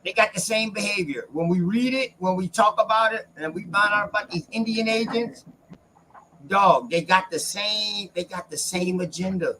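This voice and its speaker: A high-pitched man with a sharp, bright tone talks bluntly and swears freely. He argues his points in a casual panel discussion over a video call. Faint background noise sits under his voice. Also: moderate pace, rough recording. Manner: blunt, profane, animated.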